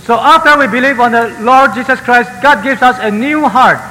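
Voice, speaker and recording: A man's voice: very high-pitched, normal speed, bright, forceful tone. A man interpreting a sermon phrase by phrase, sometimes hesitating and restarting. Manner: follows the preacher phrase by phrase, with fillers and restarts. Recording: roomy hall reverb with faint noise.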